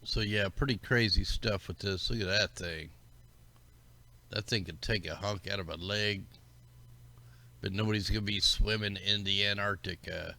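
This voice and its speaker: A man's voice: on the low side, fairly even intonation, moderate pace, vocal fry, pushed and bright. A man hosting a livestream, rambling casually and conspiratorially as he talks through maps and greets his viewers. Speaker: livestream host. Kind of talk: casual commentary over maps.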